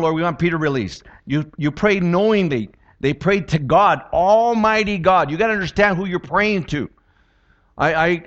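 Guy preaching a chatty sermon, a bit high-pitched, muffled recording. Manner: conversational preaching with jokes and repeated questions. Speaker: pastor. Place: church.

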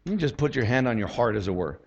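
A male pastor preaching a sermon in an animated, conversational way, often repeating words as he starts a thought. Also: mid-range voice, quick pace, slightly rough, muffled recording.

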